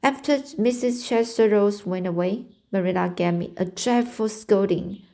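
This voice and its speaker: A woman's voice: mid-range voice, normal speed, hardly any pauses, warm tone. A woman reading a classic novel aloud, hesitant, stumbling over words and restarting. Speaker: reader.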